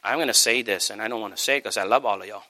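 A man preaching a sermon as pastor, emphatic, swinging between shouts and soft asides. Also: fairly low pitch, very fast.

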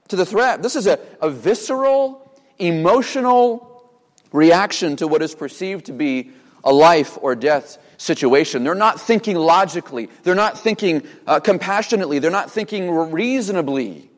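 A man's voice: sits high, very animated, moderate pace, in a large hall. A young man preaching a sermon from the pulpit, asking the congregation rhetorical questions. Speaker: pastor. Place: church sanctuary.

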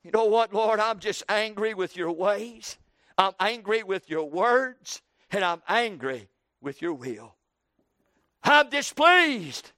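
A man preaching plays a resentful prophet, venting his anger in an indignant, emphatic voice. The tone is high and smooth for a man. The sound is dry and close. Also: animated, unhurried, a bit bright, no room sound. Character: bitter, resentful male biblical prophet.

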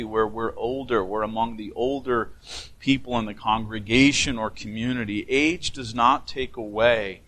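Slow, gentle-spoken male pastor. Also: mid-range voice, rough recording. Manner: gentle, earnest, with frequent restarts. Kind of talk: memorial service sermon. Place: church sanctuary.

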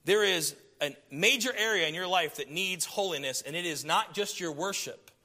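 A middle-aged man preaching a sermon, swinging from loud emphasis down to hushed, intimate tones. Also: high voice, normal speed.

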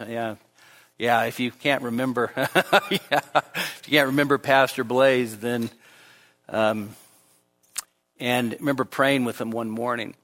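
A man preaching a sermon to a church congregation, rising to emphatic high peaks on key points and dropping into conversational asides and light humor. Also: fairly bright tone, big-room sound. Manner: emphatic, climbs sharply in pitch when stressing a point. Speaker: pastor. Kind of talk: expository sermon. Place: church service before a congregation.

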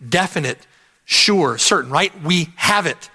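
Male preacher, high and bright voice, emphatic verse-by-verse sermon with lots of repetition. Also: lively intonation, a little slow, husky. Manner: emphatic, repeats key phrases, asks "right?". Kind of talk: expository sermon.

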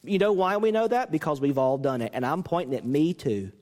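Male pastor mid-sermon, lively swinging delivery, reverberant sanctuary. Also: on the high side, fairly quick. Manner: animated, acts out quoted coaches with rising voice.

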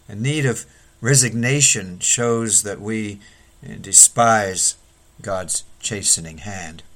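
A man preaching a sermon, measured and earnest, rising sharply when he voices the complaints he quotes. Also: fairly low pitch, a bit bright. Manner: measured preaching with sudden raised pleading quotes.

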